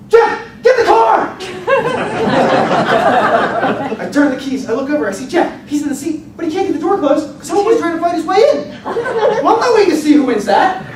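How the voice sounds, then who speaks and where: A man giving a dramatic storytelling speech at a contest, telling it with vivid, expressive delivery. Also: very high-pitched. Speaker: contest speaker. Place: contest hall stage. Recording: echoey hall, distant mic, noisy.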